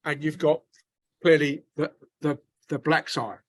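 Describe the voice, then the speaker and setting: A man's voice: on the high side, fairly even intonation, a little slow, dry recording. A man with a working-class North London accent, chatting casually in a book club discussion, often restarting and searching for words. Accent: working-class North London English.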